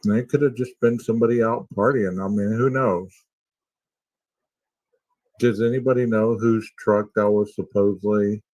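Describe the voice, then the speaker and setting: Man, podcast co-host, casual musing with rhetorical questions, low flat voice, dry and dull sound. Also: normal speed, no room sound. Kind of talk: casual commentary.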